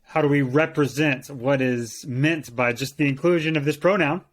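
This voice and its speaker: A man's voice: a little high, moderate pace. A man co-hosting a Bible language lesson, speaking thoughtfully and repeating words as he searches for phrasing. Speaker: co-host and teacher. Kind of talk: conversational teaching.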